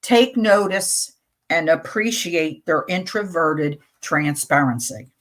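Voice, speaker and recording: A middle-aged woman hosting a community radio show, reading poems aloud slowly and deliberately, with casual chatty asides between them. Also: sits low, lively intonation, fairly bright tone.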